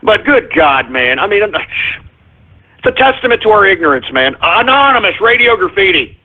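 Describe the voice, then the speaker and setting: A man's voice: sits high, big pitch swings, moderate pace. A man hosting a call-in radio show, ranting and swearing in an exasperated tone. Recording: tinny phone-like line.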